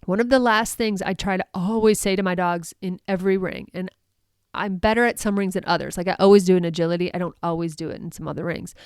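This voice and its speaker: A woman with a fairly low, clear, resonant voice talks fast on her solo coaching podcast for dog sport handlers. She's chatty and upbeat, full of fillers and frequent laughter. The studio recording is clean, with no echo.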